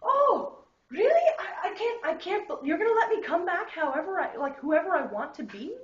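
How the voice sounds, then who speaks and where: Eager old nun, stammering and flustered, as a tipsy woman puts her on; high, lively, echoey dull room. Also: fairly quick. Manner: stammering, excited. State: drunk. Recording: roomy, dull party recording.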